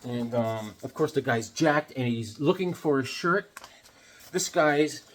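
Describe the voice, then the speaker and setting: The comic vlogger has a mid-range voice and talks a little slowly in this casual comics chat. Jokey and rambling, he drifts across topics and occasionally adopts silly voices.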